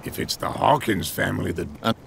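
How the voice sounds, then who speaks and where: An actor playing a gruff, blunt harbour-town man in a video game, with a gravelly voice. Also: sits low, normal speed, a bit bright, heavily acted. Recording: game audio with ambient noise.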